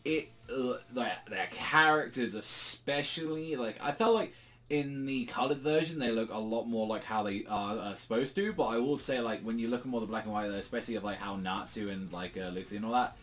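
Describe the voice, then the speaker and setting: A young British man chats loosely about a comic chapter, his voice in an ordinary middle register. He rambles through fillers, swears freely and suddenly pops into animated quoted lines. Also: medium pitch, fairly quick. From Britain. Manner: rambling, lots of fillers and swearing, acts out quotes in jumpy bursts. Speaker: manga reviewer. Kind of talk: casual solo review chat.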